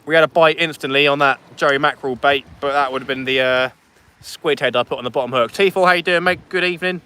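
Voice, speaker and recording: A man's voice: on the high side, steady tone, fast, sharp tone, clear, resonant tone. A man chatting casually on a fishing livestream outdoors on a beach at night, reading out viewer comments as he goes.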